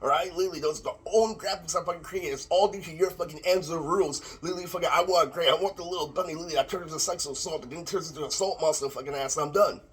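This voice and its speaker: A man's voice: on the high side, rapid-fire, hardly any pauses, a bit bright, a little hiss or hum. A man delivering a rambling, profane rant to camera, repeating the same filler word constantly, recorded on a laptop microphone. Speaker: vlogger. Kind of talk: ranting monologue to camera.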